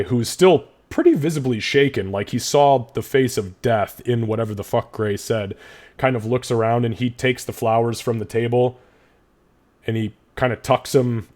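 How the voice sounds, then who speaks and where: A young man running a tabletop game, narrating scenes in a casual, loose way at a middle pitch. He swears freely while describing the action for his players. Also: darkish tone. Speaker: game master.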